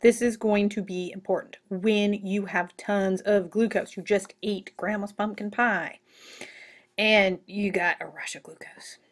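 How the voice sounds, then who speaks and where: A woman teacher giving a recorded classroom lecture in an animated, joking way, full of asides. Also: medium pitch, measured pace.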